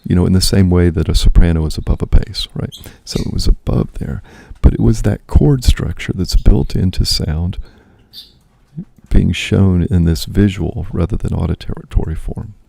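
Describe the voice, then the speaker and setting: A man's voice: low-pitched, moderate pace, gravelly, warm tone, no echo. A man, a priest and host, musing aloud in casual spoken reflection, often checking in with "right?".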